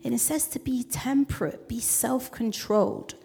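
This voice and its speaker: A woman preaching a sermon to her congregation in a conversational, animated way, often acting out voices as she quotes people. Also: fairly high pitch, moderate pace, gravelly.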